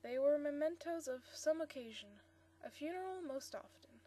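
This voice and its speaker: A woman reading the lines of a mellow, friendly elderly male antique dealer, in a high voice. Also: animated, moderate pace. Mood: explaining. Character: mellow elderly male shop proprietor, courteous.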